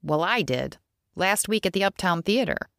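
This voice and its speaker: Brief: woman playing nervous, gossipy female lab worker; high and jumpy, dry close sound. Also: lively intonation, creaky, a bit bright, dry recording. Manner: jittery, gossipy, quick to snap.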